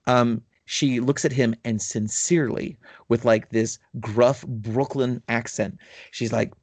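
A man's voice: mid-range voice, fairly even intonation, a little slow, no room sound. A man in casual podcast chat, telling a long story with enthusiasm and many fillers. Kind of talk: casual chat about tabletop gaming.

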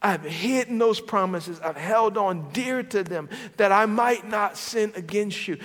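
High-voiced male preacher in a reverberant hall. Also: measured pace, hardly any pauses. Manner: dynamic preaching, swinging from loud to hushed. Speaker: pastor. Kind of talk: sermon.

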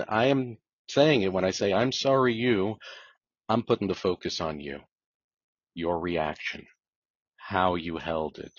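A man working as a divorce mediator, talking thoughtfully in a podcast interview, with a measured delivery that repeats words as he restarts. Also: low-pitched, breathy edge, dry recording. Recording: dull lo-fi dry sound.

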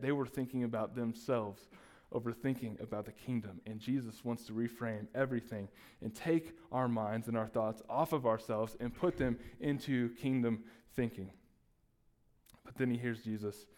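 A man's voice: mid-range voice, normal speed. A man preaching a sermon, acting out the disciples' lines as he retells the story. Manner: animated, acts out the disciples' voices. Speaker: pastor.

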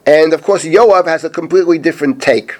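A middle-aged man, a rabbi, teaching a Bible chapter, reading Hebrew verses slowly and then translating and explaining them. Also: fairly high pitch. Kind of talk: spoken Bible lesson.

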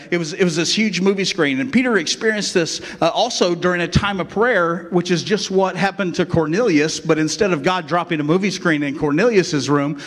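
A man preaching a sermon as pastor in a casual, conversational way, often checking in with the congregation. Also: high voice. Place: church. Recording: long reverb of a church hall.

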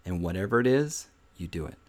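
A man's voice: low voice, lively intonation, brisk. A man hosting a devotional podcast, preaching informally in an earnest, exhorting way, repeating phrases for emphasis and often saying "man". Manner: conversational, often says "man". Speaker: podcast host giving a devotional.

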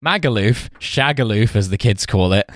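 A man's voice: on the low side, lively intonation, normal speed, no echo. A man co-hosting a podcast in casual chat, making dry sarcastic jokes. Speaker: podcast co-host.

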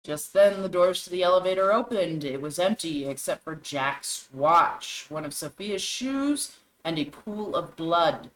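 A woman's voice: on the low side, expressive, unhurried, few pauses, slight background noise, low-quality recording. A woman co-hosting a talk show, reading scary stories aloud with dramatic storytelling and shifting voices for the characters. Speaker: co-host.

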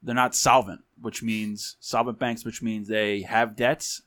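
A man's voice: on the low side, little pitch movement, measured pace, fairly bright tone, dry recording. Laid-back, slangy male podcast co-host. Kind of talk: casual chat.

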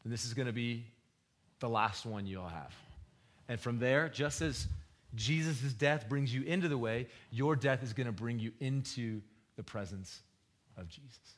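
A man preaching a sermon in an easy, slangy way, as if talking to friends. He swings between loud, emphatic bursts and soft, low retellings of scripture, and his pitch sits in a middle range. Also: normal speed. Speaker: pastor.

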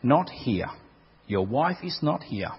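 A man voicing a cold, hollow echo that answers quietly from the darkness. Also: mid-range voice, big pitch swings, slow, breathy edge, full character voice. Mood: ominous. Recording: dull recording with long hall reverb.

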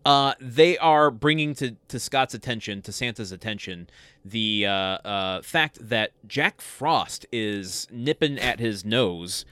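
A man co-hosts a casual movie review podcast, summing up the plot with wry sarcasm. His voice is bright and crisp, and the sound is dry and close. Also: mid-range voice, slow pace, dry recording. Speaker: podcast co-host.

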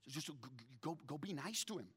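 A pastor in his thirties preaches a sermon in a slightly high, somewhat rough voice at a slightly fast pace. He retells a scripture story with humor, animatedly acting out the characters' lines.

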